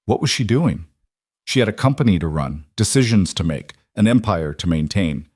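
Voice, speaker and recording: A man narrating a scripted drama in a steady, measured way. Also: low-pitched, slightly rough, dry recording, studio quality.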